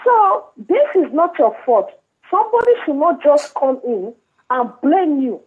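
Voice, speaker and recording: A woman's voice: high-pitched, big pitch swings, a little slow. A Nigerian woman caller, calling in to a live show to reassure the host earnestly. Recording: tinny phone line.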